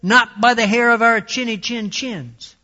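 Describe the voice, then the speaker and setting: Shrill, defiant little storybook pigs, voiced by a man, very high and shouted; dull lo-fi sound. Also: a little slow, exaggerated voice. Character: small defiant little pigs crying out together. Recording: dull lo-fi recording.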